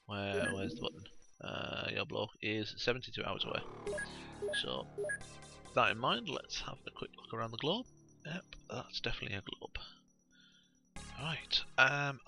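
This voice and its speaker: Chatty man with a gravelly voice. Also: mid-range voice. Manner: chatty, rambling, full of ums and uhs. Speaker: let's play gamer. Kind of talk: casual gameplay commentary.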